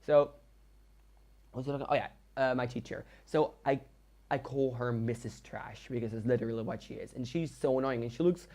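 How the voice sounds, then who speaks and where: A young man from the Netherlands with a Dutch accent, a native Dutch speaker telling a rambling story in a casual voiceover while he builds in a game, with self-deprecating asides and halting restarts. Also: medium pitch, a little mellow.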